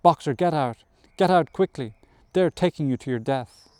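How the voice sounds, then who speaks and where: A stout, motherly old mare calls out high and loud, as a male reader puts her on, her cries climbing above his usual pitch. The voice stays smooth and resonant, recorded close and dry. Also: expressive, moderate pace, no room sound, lightly acted. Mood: desperate.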